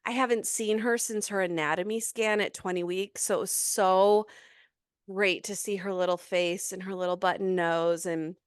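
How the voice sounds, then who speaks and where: Pregnant woman in her thirties, podcast co-host, smooth and clear, close dry mic, chatty run-on storyteller. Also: medium pitch, fairly even intonation, moderate pace, dry recording. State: heavily pregnant. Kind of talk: casual chat.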